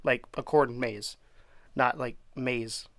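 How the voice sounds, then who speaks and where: A man's voice: mid-range voice, steady tone, slow pace, a bit bright, no room sound. A man co-hosting a podcast, chatting casually about a game he played, rambling with lots of restarts and little laughs. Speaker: podcast co-host. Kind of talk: casual chat reviewing a game.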